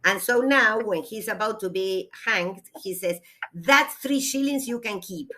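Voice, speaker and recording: Lady teaching lit in class, talks real slow, pauses a lot, reads passages out. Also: medium pitch, sharp tone. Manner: slow explanatory reading with hesitations. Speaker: literature teacher. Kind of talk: classroom lecture.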